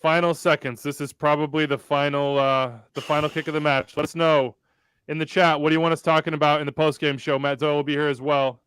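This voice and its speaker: A man's voice: fairly high pitch, little pitch movement, quick pace, fairly bright tone, clean tone, no echo. A man hosting a live watch-along show, calling the play and reading out the chat. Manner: calls the play and reads out the chat. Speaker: host.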